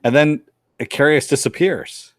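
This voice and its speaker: A man with a fairly high voice co-hosts a casual podcast reviewing a TV episode, speaking at a moderate pace as he retells scenes and briefly acts out the characters' lines. The studio-quality audio has no echo.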